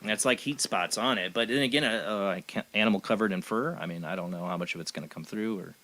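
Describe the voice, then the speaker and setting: A man's voice: on the low side, quick pace, bright, forceful tone. A man hosting a paranormal radio show, reading news items aloud and giving blunt, opinionated commentary. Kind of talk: casual chat.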